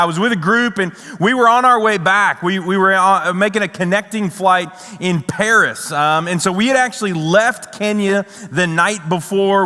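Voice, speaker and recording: A man preaching, with a high, lively-toned voice. He tells the story in a wry, conversational way, stumbling and restarting as he goes. The sound rings with the long reverb of a large church hall. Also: clean tone. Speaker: pastor. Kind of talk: sermon storytelling.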